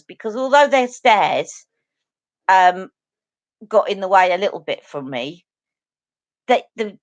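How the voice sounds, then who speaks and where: A woman hosting a casual beauty live stream, talking straight to her viewers in an earnest, chatty way. Her voice sits at an ordinary middle pitch and is recorded close and dry, with no room sound around it. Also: no room sound. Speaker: beauty channel host.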